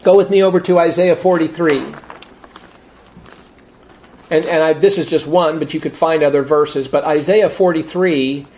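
A man preaching a sermon, emphatic and conversational, slowing words down for stress. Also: on the high side, steady tone, a little mellow. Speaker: pastor.

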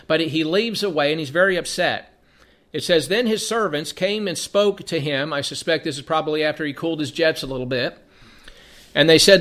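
A man's voice: on the high side, a bit bright. A man teaching from the Bible, reading passages aloud and then explaining them in a conversational way, often repeating words as he thinks.

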